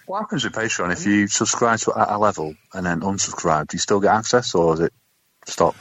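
A man's voice: on the low side, lively intonation, brisk, fairly bright tone, no room sound. A man co-hosting a comedy podcast, teasing the others in a cheeky way. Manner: cheeky, teasing, sing-song joking. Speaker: podcast co-host. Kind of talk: casual comedy chat. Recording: dry, dull lo-fi mic.

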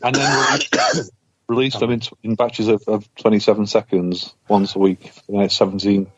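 Low husky man, dry lo-fi sound. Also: steady tone, normal speed. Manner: dry, absurd one-liners. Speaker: podcast co-host. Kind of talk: casual comedy podcast chat. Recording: dry, dull lo-fi audio.

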